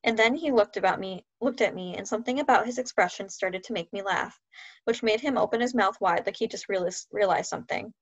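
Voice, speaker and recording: A woman reading a children's novel aloud in a steady, clear storytelling voice. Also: mid-range voice, a little fast. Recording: dull lo-fi sound.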